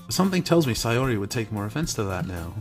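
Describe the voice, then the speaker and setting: A man's voice: on the low side, fast talker, soft background music. Young man narrating a visual novel. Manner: wry, deadpan asides and plain narration. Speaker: streamer reading a game aloud.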